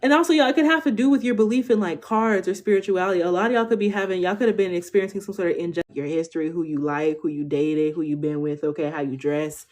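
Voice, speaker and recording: A woman's voice: lowish voice, quick pace, hardly any pauses, darkish tone. A woman in her twenties giving a casual tarot reading to viewers, chatty, swearing freely and tagging most lines with "okay?". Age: 20s. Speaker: tarot reader.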